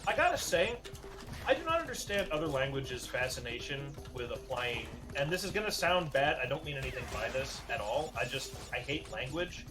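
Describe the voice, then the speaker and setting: Upbeat streamer guy, jokey rambler, bright animated voice, music under him. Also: medium pitch, normal speed. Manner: joking, rambling asides. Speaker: livestream co-host. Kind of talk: casual livestream chat.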